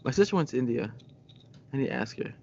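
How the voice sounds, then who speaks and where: A man's voice: medium pitch, animated, fast, gravelly, a little mellow. A man co-hosting a casual podcast, talking hesitantly with many ums and frequent laughs. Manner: hesitant, lots of ums, giggly. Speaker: podcast co-host. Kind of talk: casual chat. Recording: muffled lo-fi audio with faint background noise.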